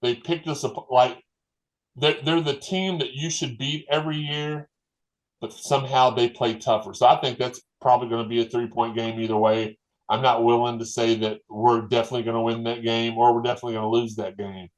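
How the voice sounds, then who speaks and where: Man, podcast guest; folksy, rambling, restarts his sentences, medium pitch. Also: fairly even intonation, fairly quick, rough recording. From Louisville, Kentucky. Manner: rambling, self-correcting, folksy. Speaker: guest fan commentator. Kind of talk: casual sports podcast chat.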